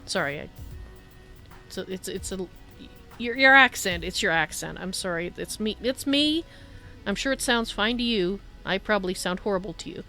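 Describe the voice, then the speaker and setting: Woman streamer, casual chatty commentary, medium voice, quiet game music under. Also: medium pitch, expressive, moderate pace. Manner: chatty, apologetic, reads chat aloud. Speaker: livestreamer.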